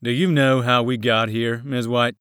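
A man voicing a genteel, calculating official who speaks in a measured, formal way. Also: mid-range voice, fairly even intonation, clean tone, dry recording, studio quality, lightly acted. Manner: measured, soft-spoken, formal.

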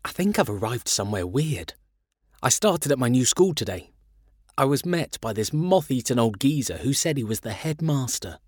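A man reading children's stories aloud in an animated, playful storytelling manner. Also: medium pitch, moderate pace, husky, no room sound, studio quality. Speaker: reader.

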